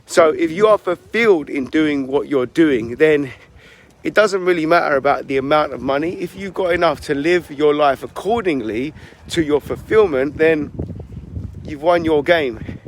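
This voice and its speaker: A man with a high speaking voice reflects on his coaching work in a casual monologue. His phrasing is loose and often restarts. His delivery is relaxed and conversational. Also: slight background noise. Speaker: fitness and business coach.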